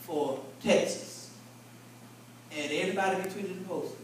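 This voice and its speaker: High-voiced bishop preaching in an echoing hall. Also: male voice, normal speed. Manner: folksy, vernacular, call-and-response with the congregation. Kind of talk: conversational sermon teaching. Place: large church convention hall. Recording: echoey hall from far off, faint room noise.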